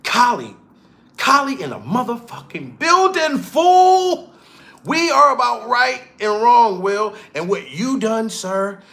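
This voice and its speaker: A man hosting a livestream, ranting loudly and excitedly, swearing and shouting out to viewers in the chat. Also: very high voice, a little slow, creaky. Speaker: livestream commentator. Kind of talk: profane livestream rant.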